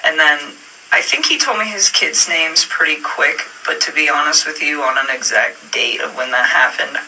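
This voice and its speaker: A woman's voice: low voice, normal speed, pushed and bright. A woman answering questions in a police interview room, telling her story hesitantly with many fillers and restarts. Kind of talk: police interview, recounting events. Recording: distant room recording with faint noise.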